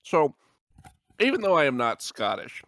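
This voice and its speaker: A man's voice: a little high, huge pitch swings, moderate pace, fairly bright tone, dry recording. A man chatting casually on a podcast, wry and asking long winding questions. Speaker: podcast panelist.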